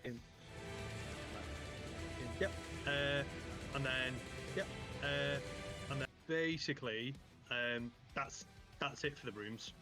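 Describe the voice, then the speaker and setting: A man's voice: medium pitch, slow pace, long pauses, music in the background. A man running a tabletop game as game master, narrating casually with a rambling delivery. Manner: casual, rambling, many fillers and restarts.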